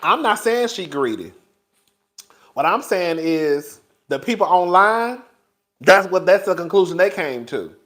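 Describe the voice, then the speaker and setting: A man with a high voice runs a casual gossip livestream, laughing as he talks. He is sassy and profane, keeps calling the chat "girl", and speaks. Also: very animated, unhurried, a bit bright. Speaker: YouTube commentary host.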